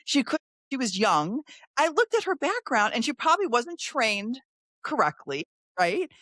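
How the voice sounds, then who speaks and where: A middle-aged woman recruiter hosting an interview, telling stories in a quick, animated way and acting out what other people said. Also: on the high side, no room sound, studio quality. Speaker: staffing recruiter and podcast host. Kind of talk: casual interview storytelling.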